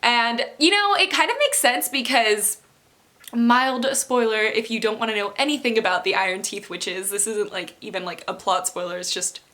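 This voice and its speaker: A young woman talking to her vlog audience in a loose, chatty way, full of fillers and little laughs. Her voice sits a bit high and sounds bright. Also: moderate pace. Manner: chatty, giggly, lots of fillers. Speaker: book vlogger. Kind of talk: casual vlog chat.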